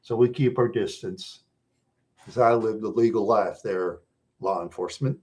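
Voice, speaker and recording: A middle-aged man from Minnesota with a rough voice worn down by years of smoking. He talks to his viewers in a loose, rambling way, stopping often to chuckle. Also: lowish voice, moderate pace, a little mellow. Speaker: livestream host chatting with viewers. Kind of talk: casual rambling chat.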